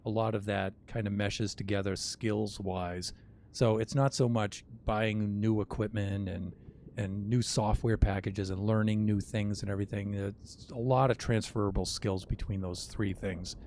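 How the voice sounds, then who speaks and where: Low-voiced older man, rambling stream chat. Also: steady tone, a little slow, a little mellow, slight background noise. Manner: rambling, wry, self-mocking asides. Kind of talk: casual gameplay chat.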